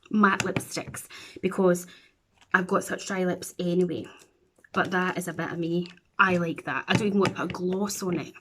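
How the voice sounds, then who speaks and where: A woman's voice: mid-range voice, background noise. A Scottish woman chatting playfully through a makeup tutorial at home, with silly asides as she works. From Scotland. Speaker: beauty vlogger.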